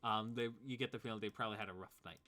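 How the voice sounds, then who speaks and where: A man narrating as game master in a tabletop game, relaxed and loose with many fillers. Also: fairly low pitch, rapid-fire.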